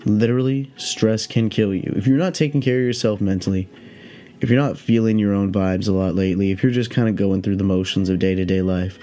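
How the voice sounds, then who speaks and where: A young man who is high, telling a rambling story in a laid-back, profane, meandering way. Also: fairly even intonation, brisk, mellow, faint music behind. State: high on cannabis. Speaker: podcast host.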